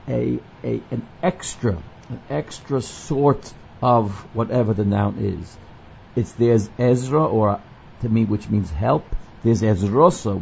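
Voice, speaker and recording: Male Torah teacher, gravelly and mellow, readings, explanatory lesson delivery, dull lo-fi recording. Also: mid-range voice. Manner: explanatory, quotes the Hebrew text and then translates it. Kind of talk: verse-by-verse scripture lesson. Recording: dull lo-fi recording with faint noise.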